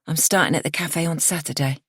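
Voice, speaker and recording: A woman's voice: deep voice, fairly even intonation, a little fast, breathy edge, dry recording, clean studio sound. A woman voicing a reassuring young woman.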